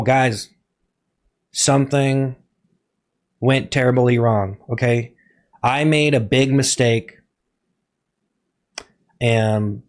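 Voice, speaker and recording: A man streaming live in a comic persona, giving a melodramatic mock confession, halting and repeating himself while he keeps telling his chat to be quiet. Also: mid-range voice.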